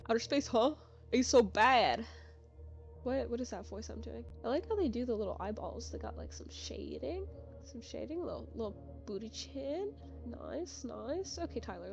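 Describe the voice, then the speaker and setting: A woman's voice: a little high, muffled recording. A young woman giving casual, rambling game commentary, full of fillers, with game music behind. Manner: chatty, filler-heavy, rambling. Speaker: gaming youtuber.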